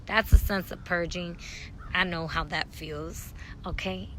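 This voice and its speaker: Bright-voiced woman, blunt and profane. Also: on the low side, fairly even intonation, unhurried, a little hiss or hum, low-quality recording. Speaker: spiritual healer. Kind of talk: casual vlog monologue. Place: outdoors at a dog park.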